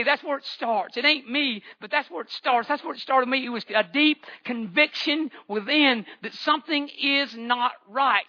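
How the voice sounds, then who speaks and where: A man's voice: very high voice, normal speed, sharp tone, highs cut off. A man, giving a fervent church testimony with repeated phrases and stammering restarts. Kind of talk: impassioned testimony sermon.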